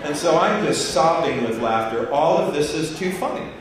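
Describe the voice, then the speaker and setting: Animated man telling a story in a hall. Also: fairly high pitch, normal speed. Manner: animated, laughs through the telling. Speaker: speaker. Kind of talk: storytelling monologue to a live audience. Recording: echoey hall, distant mic, noisy.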